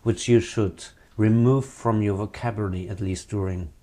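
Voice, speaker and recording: A man's voice: lowish voice, steady tone, normal speed, dark tone. A man interviewing his former hypnotherapy teacher, adding his own points in an eager, supportive way. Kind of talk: interview questions and comments.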